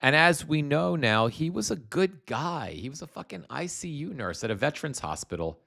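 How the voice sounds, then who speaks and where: A man's voice: on the high side, very animated, moderate pace, creaky, sharp tone. A middle-aged man from New Jersey hosting a political livestream, ranting in a casual, profane way with many restarts and fillers, and reading chat comments aloud.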